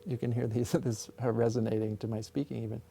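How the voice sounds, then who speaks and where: Mellow, gravelly man musing on music. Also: mid-range voice, level tone, quick pace, no echo. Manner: thoughtful, musing, explains with sung sound examples. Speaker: composer and music theorist being interviewed. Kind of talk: explanatory conversational interview. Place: his office.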